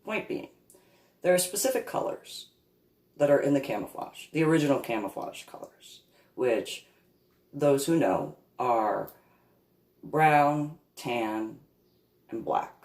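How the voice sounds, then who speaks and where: A woman from New Jersey telling a rambling personal story in a halting, digressive way, with many restarts. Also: a bass voice, lively intonation, a little mellow. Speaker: reverend recounting memories. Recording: echoey room.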